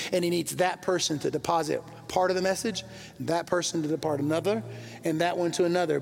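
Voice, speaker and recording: A man's voice: a little high, creaky. A middle-aged pastor from the American South preaching a sermon to his congregation, telling stories and rising to fervent intensity. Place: large church hall. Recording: reverberant church hall with soft music.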